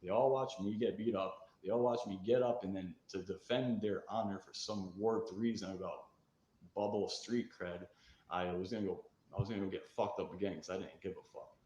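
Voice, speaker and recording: Fired-up, swearing man telling a rough story. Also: sits low, steady tone, brisk, reverberant, muffled recording. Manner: fired-up, swearing, acts out shouted quotes. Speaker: storyteller of past addiction. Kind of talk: candid recovery storytelling.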